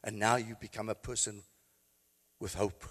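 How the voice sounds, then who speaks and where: A man, a pastor, preaching an impassioned sermon that swings from quiet, low passages to high, shouted exclamations. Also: little pitch movement, normal speed, big-room sound.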